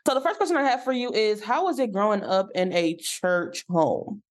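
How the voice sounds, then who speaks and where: A woman's voice: medium pitch, animated, normal speed. A woman hosting a casual podcast interview, chatty and playful, with church-flavored banter. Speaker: podcast host.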